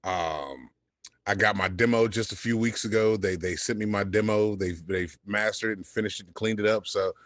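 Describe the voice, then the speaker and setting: A man with a deep, smooth voice, chatting as a podcast guest and telling a laid-back story, swearing freely. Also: normal speed, a bit bright, no room sound. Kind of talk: casual chat.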